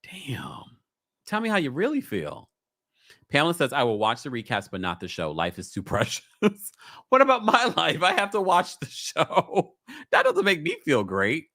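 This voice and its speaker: A man's voice: fairly high pitch, huge pitch swings, normal speed, bright, forceful tone, no echo, studio quality. A man with a New York accent hosting a casual live-stream call-in show, reading out viewer comments and laughing often. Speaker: livestream host.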